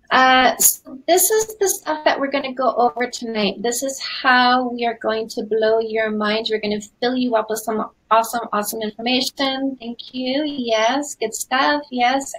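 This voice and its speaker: A Canadian woman in her forties, a dating coach hosting a live webinar in an energetic, chatty way with lots of fillers. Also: fairly high pitch, unhurried, low-quality recording. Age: 40s.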